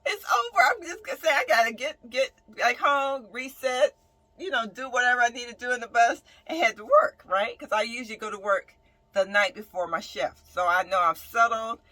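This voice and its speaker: A woman, a nurse who lives in her bus, telling a casual storytime about a breakdown with animated, emphatic delivery and frequent "right?" asides. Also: fairly high pitch, normal speed, no room sound, low-quality recording. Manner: dramatic swings between loud outbursts and quiet mutters. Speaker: nurse and bus-dwelling vlogger.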